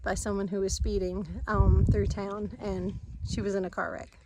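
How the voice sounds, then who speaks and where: A woman's voice: mid-range voice, level tone, normal speed, very noisy. A woman, chatting casually to camera outdoors in her yard, rambling and laughing easily. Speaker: family farm vlogger.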